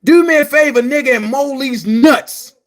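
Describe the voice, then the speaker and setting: A man delivering a heated, profane vlog rant as an online commentary host, often shouting and repeating himself for emphasis. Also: very high voice, moderate pace. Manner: blunt and emphatic, repeats phrases.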